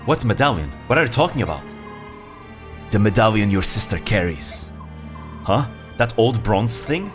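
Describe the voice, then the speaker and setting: A man's voice: lowish voice, very animated, moderate pace, pauses often, music in the background. A man voicing a blunt young male mercenary leader in a plain, near-natural voice. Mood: puzzled.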